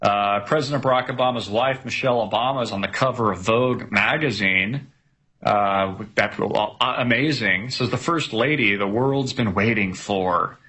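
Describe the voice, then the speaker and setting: Husky-voiced man reading news sarcastically. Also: on the low side, normal speed, bright, forceful tone. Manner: rambling, sarcastic, reads news aloud with many "uh" fillers. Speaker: commentary show host. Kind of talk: casual news commentary.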